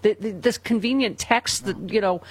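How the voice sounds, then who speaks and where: Husky-voiced woman host, sarcastic, reads out comments, mid pitch. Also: normal speed, no room sound. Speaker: podcast host. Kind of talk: casual political chat.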